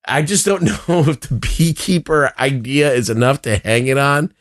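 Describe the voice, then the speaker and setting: Rambling, lively-voiced man who swears. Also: medium pitch, normal speed. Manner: rambling, swears freely, fills talk with "like". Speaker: podcast co-host. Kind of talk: casual movie review chat.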